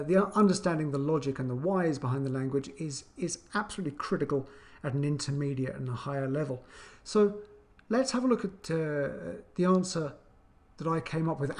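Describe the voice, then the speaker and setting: A man teaching an online English grammar lesson, chatty, with many fillers and restarts, acting out intonation as he explains. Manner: acts out intonation with animated pitch.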